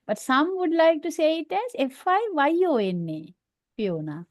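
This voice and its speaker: A woman's voice: high-pitched, big pitch swings, moderate pace, no room sound, studio quality. A woman from Sri Lanka speaking as a student in a class, polite and hesitant, with many fillers. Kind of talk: class participation.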